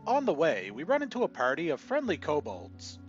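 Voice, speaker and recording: Man, scripted story narration, lively rising and falling pitch, muffled lo-fi recording. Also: fairly quick. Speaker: channel narrator. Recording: dull lo-fi audio with faint music.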